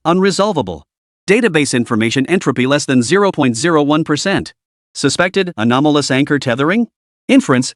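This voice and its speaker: A man narrating a story in a steady, dramatic storytelling manner. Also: a little high, dry recording, studio quality.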